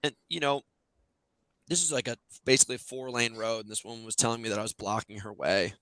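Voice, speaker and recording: A man's voice: mid-range voice, fast, dry recording. A male podcast host chatting casually, telling stories animatedly with lots of fillers. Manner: animated, loose storytelling with many fillers. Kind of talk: casual chat.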